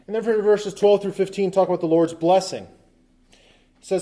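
A man's voice: high voice, steady tone, normal speed, long pauses, warm tone. A man preaching a sermon as pastor, talking conversationally with asides and quips, and reading scripture aloud with emphasis.

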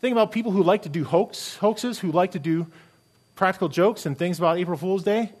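A man's voice: sits high, a little fast, darkish tone, slightly rough. A middle-aged man, a pastor, preaching a sermon earnestly and emphatically, with many rhetorical questions.

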